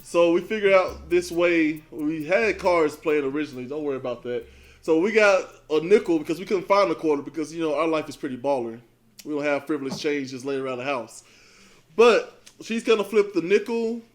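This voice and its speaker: A man's voice: fairly high pitch, brisk. Easygoing man co-hosting a podcast. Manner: joking, easygoing, talks to his family while hosting. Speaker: podcast co-host. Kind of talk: casual chat.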